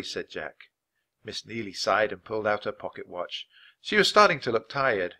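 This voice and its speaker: Bright, expressive male storybook reader. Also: fairly low pitch. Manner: clear, measured, expressive. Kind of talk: scripted narration for language learners.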